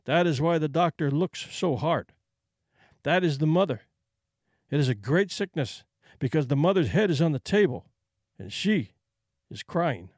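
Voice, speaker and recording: A man's voice: on the high side, lively intonation, moderate pace, pauses often, dry recording, clean studio sound. A man voicing a terse, grave trail guide. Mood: grave puzzlement. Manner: terse, simple broken phrasing. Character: grave, plain-spoken male wilderness guide.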